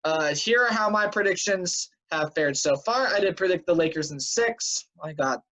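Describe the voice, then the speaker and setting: A man's voice: sits high, expressive, moderate pace, sharp tone. A man hosting a casual weekly sports news recap who sounds tired and fills his talk with "um" and "uh". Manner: chatty, filler-heavy, offhand predictions. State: tired and yawning. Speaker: sports show host. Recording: dull lo-fi home recording.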